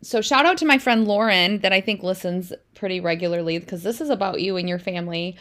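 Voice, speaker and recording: Woman co-host in her thirties, casual, animated storyteller for a faith podcast. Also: medium pitch, a little fast. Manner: chatty storyteller, warm and animated.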